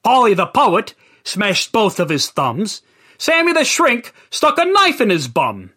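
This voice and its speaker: A man narrating a dark comic rhyming tale with a theatrical delivery. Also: sits high, wildly swooping pitch, unhurried. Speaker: storyteller.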